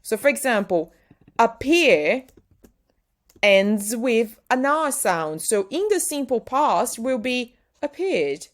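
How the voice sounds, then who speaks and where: A young Brazilian woman with a British-style English accent, teaching pronunciation and saying each practice word slowly and emphatically. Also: a little high, sing-song. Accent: Brazilian, speaking British-style English. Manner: drills words slowly and emphatically, exaggerated articulation. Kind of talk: pronunciation lesson.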